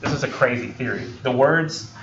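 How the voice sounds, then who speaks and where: A college English instructor with a medium-pitched voice lectures at a normal speed in a roomy classroom, rambling and joking with many ums and self-corrections. A crowd is audible behind him, and the recording is distant, dull and lo-fi.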